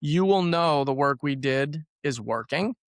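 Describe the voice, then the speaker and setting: A man's voice: a little high, lively intonation, unhurried, no room sound, clean studio sound. A man who works as a trauma therapy practitioner, talking casually on a podcast and repeating words for emphasis.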